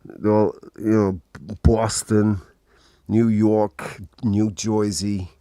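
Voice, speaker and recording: A man chatting casually as a podcast host, rambling and halting and swearing now and then. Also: on the low side, little pitch movement, dark tone, no echo. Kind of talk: casual chat.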